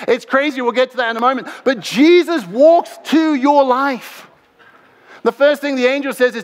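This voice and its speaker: Male pastor, passionate sermon, bright high voice, long hall echo. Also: moderate pace. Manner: impassioned, swings between loud and hushed. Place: large church sanctuary.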